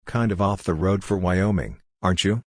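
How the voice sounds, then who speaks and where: A man's voice: low-pitched, moderate pace, no echo. A man reading the part of a shrewd old whiskey-faced woman in a bar, terse and dry.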